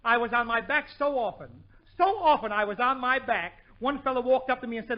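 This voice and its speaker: A man's voice: very high-pitched, fast, hardly any pauses. A man hosting a 1940s radio comedy show, delivering punchy wisecracks. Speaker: comedian host. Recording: muffled old radio with studio audience and hiss.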